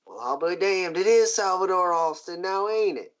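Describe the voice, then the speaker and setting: A man's voice: sits high, lively intonation, moderate pace, voice pushed up. A man voicing a polite, genteel riverboat owner who talks in a courteous old-fashioned drawl. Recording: muffled lo-fi recording.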